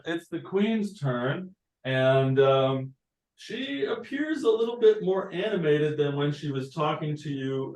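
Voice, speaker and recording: Guy game-mastering a tabletop session, slow and halting, lots of ums. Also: fairly high pitch. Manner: halting, many fillers and restarts.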